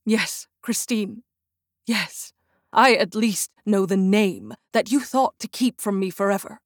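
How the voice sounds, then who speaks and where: A woman voicing a despairing young nobleman who speaks in a quiet, earnest tone. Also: animated, slow pace, no echo, clean studio sound. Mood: grieving, hushed. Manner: hushed, low and earnest.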